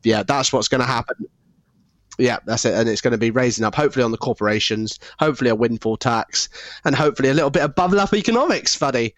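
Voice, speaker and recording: A man's voice: mid-range voice, quick pace, no echo. A man co-hosting a casual podcast chat, swearing freely, saying "mate" constantly and laughing often. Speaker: podcast co-host.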